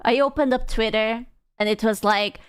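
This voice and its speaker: A woman's voice: fairly high pitch, steady tone, normal speed, clear, resonant tone. A young woman streaming, chatting casually and playfully, teasing and swearing often. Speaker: VTuber streamer. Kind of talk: casual livestream chat.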